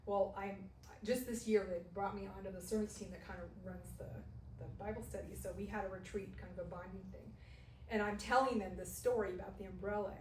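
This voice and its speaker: A woman's voice: mid-range voice, a little fast. A middle-aged woman from Southern California telling a personal story in a women's Bible study, laughing often and acting out what people said. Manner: lively storyteller who laughs and acts out quotes. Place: church meeting room. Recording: echoey room, distant mic, faint hiss.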